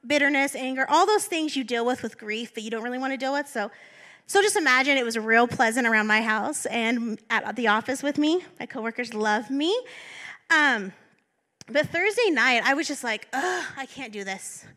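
A woman's voice: on the high side, moderate pace, sharp tone. A woman assistant pastor giving a candid, self-deprecating sermon as she tells a personal story.

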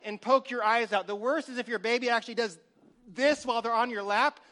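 A man in his forties preaching a sermon, telling lively stories and acting out little scenes, sometimes dropping to a whisper. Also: very high-pitched, brisk. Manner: animated storytelling, acts out scenes, drops to a whisper. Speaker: pastor.

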